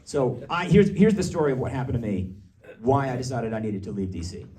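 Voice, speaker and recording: Brief: male stand-up comic, mid pitch, live room mic slightly distant, conversational with shouted rant bursts. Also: big pitch swings, fairly quick. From Massachusetts. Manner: conversational, riffing with audience, bursts into shouted rants. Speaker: stand-up comedian. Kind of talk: stand-up comedy set. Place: comedy venue with live audience.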